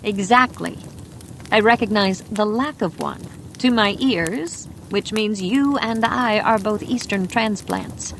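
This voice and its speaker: A woman voicing a wary, sharp-tongued woman who lives in the forest, blunt and teasingly wry, in a bedtime mystery audiobook. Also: mid-range voice, slow, slight background noise.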